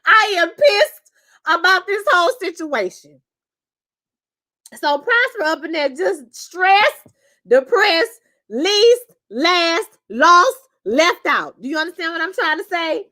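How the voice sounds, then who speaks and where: A woman hosting a casual live review chat, animated and profane, acting out quotes in character voices. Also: very high voice, takes it slowly. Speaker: show reviewer.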